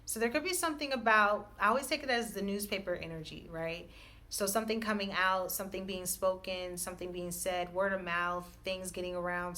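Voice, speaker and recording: A woman's voice: medium pitch, pushed and bright. A woman giving an intuitive spiritual message reading, circling the same idea in repeated, hedging phrases and laughing often. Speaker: intuitive reader.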